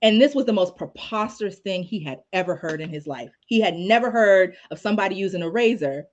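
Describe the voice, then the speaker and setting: Animated woman attorney telling stories. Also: medium pitch, a little fast, lo-fi sound. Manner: animated, conversational, many fillers. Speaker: criminal law attorney, guest. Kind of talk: casual storytelling in a live discussion.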